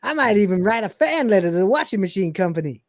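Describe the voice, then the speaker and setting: A woman's voice: mid-range voice, sing-song, fast, dry recording, clean studio sound, pitched above the performer's own voice, natural voice. A woman voicing a vain, cocky male crewmate who mocks his friend. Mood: teasing. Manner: cocky, mocking.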